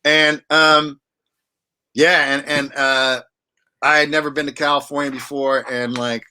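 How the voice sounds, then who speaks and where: Male guest, bright tone, slightly high, loose rambling delivery. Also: level tone, unhurried, clear, resonant tone. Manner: rambling, many restarts and fillers. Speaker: wine auctioneer and guest. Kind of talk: casual interview chat.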